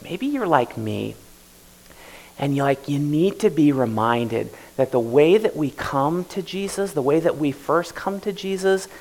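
A male pastor delivering a sermon in a loose, conversational style with a gravelly, creaky edge. He is mid-pitched and often slips into first-person prayers to make his point. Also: darkish tone, poor audio. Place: church service.

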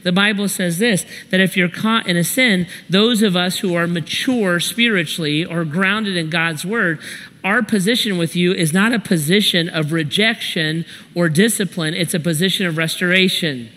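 Middle-aged man, pastor, emphatic sermon, high voice, long hall reverb. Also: moderate pace, pushed and bright. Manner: emphatic, repetitive, direct address. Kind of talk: sermon with storytelling.

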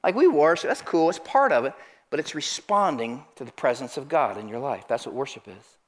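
A man preaching a sermon in church, asking the congregation questions and urging them to answer out loud. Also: medium pitch, brisk. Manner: animated, calls out questions to the congregation. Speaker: pastor. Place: church sanctuary.

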